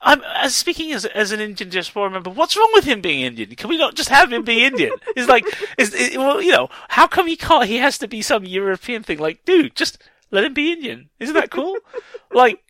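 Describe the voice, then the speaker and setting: A man co-hosting a podcast, chatting casually about a film, animated and laughing often with lots of restarts. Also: extremely high pitch, a little fast, no room sound. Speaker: podcast co-host.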